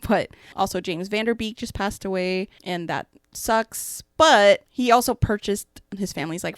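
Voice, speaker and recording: A woman's voice: medium pitch, vocal fry, no room sound, clean studio sound. A young adult woman hosting her own podcast, ranting in a blunt, profane, sarcastic way and laughing between points. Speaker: podcast host. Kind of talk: casual solo podcast rant.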